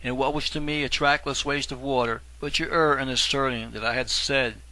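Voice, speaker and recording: A man voicing an aged, scholarly guide who speaks softly and courteously in an audiobook. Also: mid-range voice, steady tone, poor audio. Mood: patient. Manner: soft, measured, polished. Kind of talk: audiobook reading.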